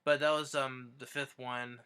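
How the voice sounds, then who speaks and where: A man's voice: mid-range voice, flat delivery, unhurried, sharp tone, clear, resonant tone. A man casually recapping favorite videos, rambling with many restarts and fillers. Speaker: YouTuber.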